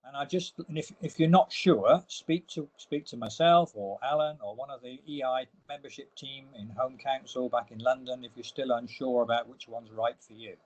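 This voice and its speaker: A man with a medium-pitched voice presents slides in an online webinar. He explains each point in turn and leans on the words he wants to stress. His pace is steady and methodical. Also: normal speed, few pauses, poor audio. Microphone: online webinar audio.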